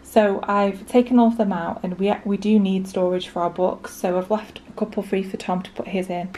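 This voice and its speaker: A woman's voice: mid-range voice, darkish tone. A young woman chatting casually in a home vlog, rambling with lots of fillers, at times out of breath. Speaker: vlogger. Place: home, indoors.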